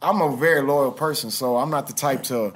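A man's voice: medium pitch, brisk. Laid-back man. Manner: laid-back storytelling with slang. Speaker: podcast guest. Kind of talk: casual interview chat.

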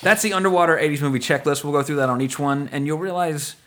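A man's voice: a little high, fast talker, fairly bright tone. A man hosting a movie podcast, rambling and joking in casual chat, swearing now and then. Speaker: podcast host.

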